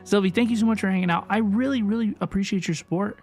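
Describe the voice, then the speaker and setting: A woman VTuber streaming live, bubbly and excitable as she greets her chat by name. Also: medium pitch, fast talker, faint music behind.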